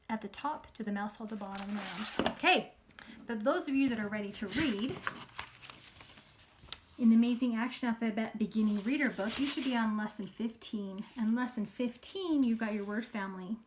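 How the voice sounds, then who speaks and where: A woman's voice: fairly high pitch, noisy background. A woman teaching letters to young children in an upbeat, sing-song, coaxing way. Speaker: preschool teacher.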